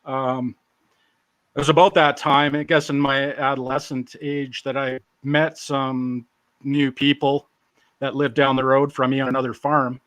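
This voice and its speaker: A man's voice: mid-range voice, little pitch movement, unhurried, fairly bright tone, no room sound. A man in his forties tells his life story as an interview guest. He talks casually, with a self-deprecating, joking edge. The sound is dry and close, with no room around it. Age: 40s.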